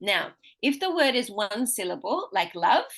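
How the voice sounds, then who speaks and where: A woman teaching pronunciation one-on-one, patiently modeling words slowly and clearly for her student. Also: mid-range voice, sing-song, a bit bright.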